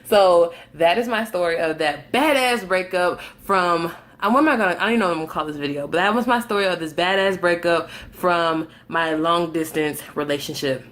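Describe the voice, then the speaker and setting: A young woman telling a breakup story on her vlog, animated and dramatic, swearing freely and acting out both sides of the story. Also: fairly low pitch, fairly quick, few pauses. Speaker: vlogger.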